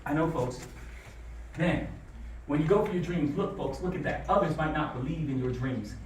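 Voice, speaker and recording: A man giving a motivational talk to students, telling stories in a lively call-and-response way. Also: a little high, moderate pace, slight background noise. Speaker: motivational speaker. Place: school classroom. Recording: echoey room from far off.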